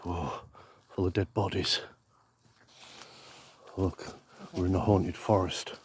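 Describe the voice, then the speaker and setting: A man filming a mock-spooky comedy vlog outdoors in woodland, talking deadpan and pretending to be scared, with lots of swearing. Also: low-pitched, slow, pauses often, background noise. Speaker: vlogger.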